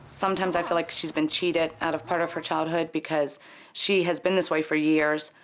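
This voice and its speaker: A mother speaks thoughtfully in an interview, pausing and restarting as she chooses her words. Her voice is somewhat low. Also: level tone. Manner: reflective, hesitant.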